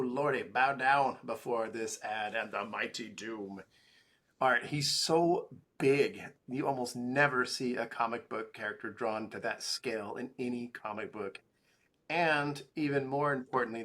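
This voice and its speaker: A man hosting a relaxed comic-book podcast who reads out page numbers and riffs on the ads. His voice is bright and clear at a middle pitch. He jokes along with his co-host and uses plenty of fillers. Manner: walks through pages, joking, with fillers. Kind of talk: casual comic-book chat.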